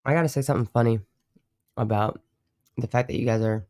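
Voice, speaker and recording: A man's voice: mid-range voice, fairly even intonation, quick pace, long pauses, darkish tone, dry recording, clean studio sound. A man hosting a live stream, chatting casually in a rambling, profane way and often correcting himself. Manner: rambling, profane, self-interrupting. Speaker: livestream host.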